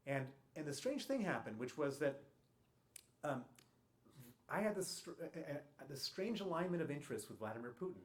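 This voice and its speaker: A man's voice: mid-range voice, very animated, fairly quick. Man telling a story at a lecture. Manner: emphatic, punchy storytelling with dry humour and frequent restarts. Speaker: guest speaker at a public talk. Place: college lecture hall.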